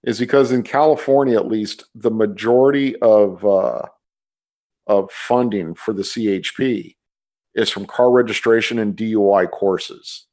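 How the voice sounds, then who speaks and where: Casting: male podcast co-host, low-ish voice, opinionated, stammers into his points. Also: a little slow, a little mellow. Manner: repeats words when starting sentences. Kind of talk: casual chat, opinionated rant.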